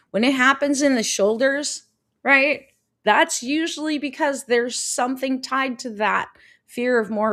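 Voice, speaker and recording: A woman hosting a live-stream coaching talk, animated, often repeating phrases and answering viewers' comments. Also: medium pitch.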